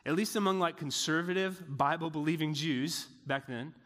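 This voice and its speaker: A man teaches scripture in a relaxed, conversational way, tossing in jokes and asides. His voice sits a little higher than most men's. A long reverb trails behind him, like a big hall. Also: normal speed. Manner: chatty, joking asides with many "like" fillers. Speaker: preacher. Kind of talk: casual Bible teaching.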